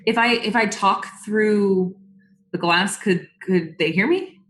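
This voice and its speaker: A woman's voice: medium pitch, slow pace, a bit bright. A woman playing a tabletop game who asks the game master questions hesitantly. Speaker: player. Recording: echoey room.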